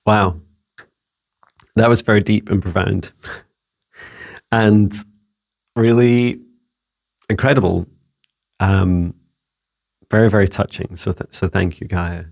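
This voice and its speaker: A man's voice: low-pitched, fairly even intonation, slow, creaky, long pauses. A man and psychic mentor answering viewer questions in a rambling, casual way. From Scotland. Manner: warm-hearted, rambling, frequent restarts and fillers.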